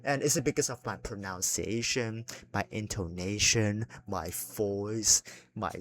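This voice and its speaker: A man's voice: on the low side, measured pace, a bit bright. A young man chatting casually while he draws, rambling with lots of fillers and swearing, a little self-conscious. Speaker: drawing vlogger. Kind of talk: casual unscripted talk while drawing.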